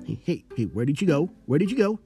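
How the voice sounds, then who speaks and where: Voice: mid-range voice, sing-song, fast, warm tone. A performer voicing a startled, flustered person woken in the night, protesting in an exasperated way, with light music behind. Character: startled sleeper, flustered and indignant.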